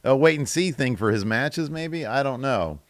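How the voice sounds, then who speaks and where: A man hosts a casual reaction podcast, reading out viewer comments and weighing in with opinions. His voice swings widely in pitch, and the recording is dry, with no room sound. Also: animated, moderate pace, dry recording. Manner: chatty, opinionated, laughs at own jokes. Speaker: podcast host.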